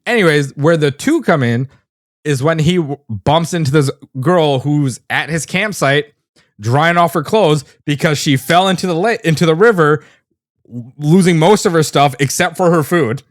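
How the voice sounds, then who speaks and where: A man co-hosting a podcast, casually recapping an anime and acting out the characters' lines with lively switches of voice. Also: on the high side, moderate pace, dry recording, clean studio sound. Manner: animated retelling, acts out characters' lines. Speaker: podcast co-host.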